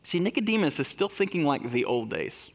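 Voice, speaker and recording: Male pastor, sermon, fairly high voice, long echo of a church hall. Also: big pitch swings, fairly quick. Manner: conversational, asks rhetorical questions.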